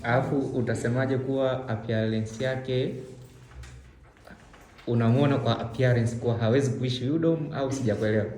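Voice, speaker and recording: A man's voice: mid-range voice, fairly even intonation, normal speed, warm tone, slight background noise. A man in a classroom asking a student to clarify her reasoning. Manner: probing, asks for clarification. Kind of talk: classroom questioning. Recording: roomy classroom echo.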